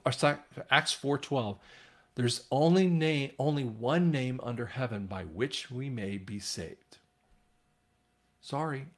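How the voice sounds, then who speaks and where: A man with a mid-range voice gives informal Bible teaching, rambling and restarting as he retells scripture in a casual, conversational style.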